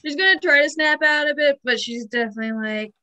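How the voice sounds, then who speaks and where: A woman playing in a tabletop game, reacting in a playful, expressive way. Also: high-pitched, quick pace. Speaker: player. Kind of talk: casual tabletop game play.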